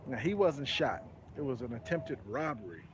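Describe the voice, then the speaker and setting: A man's voice: medium pitch, very animated, moderate pace, slight background noise. Texas man casually recapping street news. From Dallas-Fort Worth area, Texas. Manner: conversational storytelling, preachy asides, frequent "you know what I'm saying". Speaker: host of a commentary channel. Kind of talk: casual live news commentary.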